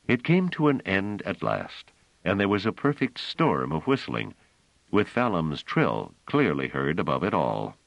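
A man narrating an audiobook in a measured, expressive storytelling manner. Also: very deep voice, dry recording, lo-fi sound.

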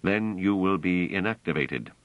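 A man voicing a cold, commanding humanoid guard robot that questions its prisoners in a flat, literal manner. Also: low-pitched, moderate pace, no room sound. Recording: dull, dry audio.

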